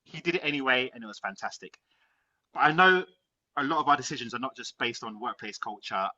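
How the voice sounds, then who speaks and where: Bright, emphatic male panel host. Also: mid-range voice, lively intonation, brisk. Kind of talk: hosting a panel discussion. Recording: dull lo-fi sound.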